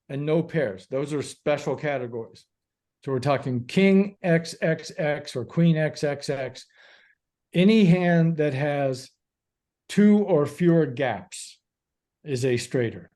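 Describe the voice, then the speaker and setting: A man's voice: on the high side, warm tone. A man talking as a guest author on a podcast, explaining ideas patiently step by step. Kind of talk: casual podcast chat.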